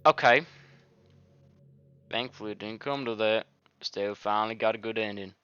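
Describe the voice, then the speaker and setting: A man's voice: fairly low pitch, normal speed, bright, forceful tone, clean tone, no echo, dull audio. A man recording casual game commentary at his home studio, rambling, swearing and easily frustrated. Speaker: gaming video creator. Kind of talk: casual let's-play commentary.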